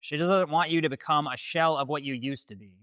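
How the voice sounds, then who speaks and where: A man hosting a scripted dating-advice video, laying out his points in a direct, declarative way. His voice is fairly high and bright, with a dry close sound. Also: fairly quick, dry recording. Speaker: host.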